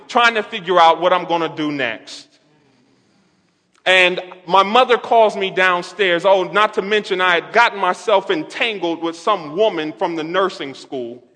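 Young man, preacher, bright high voice, animated storytelling sermon, long reverb of a hall. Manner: animated, quotes others in softened voices.

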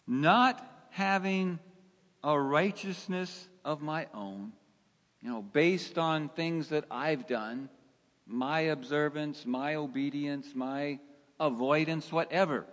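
Slow-preaching man in a reverberant hall. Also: a little high, fairly bright tone. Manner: slow, emphatic preaching with rhetorical questions. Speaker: pastor. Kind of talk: sermon.

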